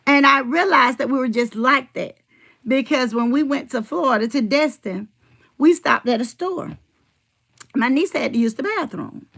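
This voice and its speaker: A woman's voice: high-pitched, moderate pace, creaky, fairly bright tone. A middle-aged woman rambling in casual livestream chat, telling family stories and answering her viewers' comments.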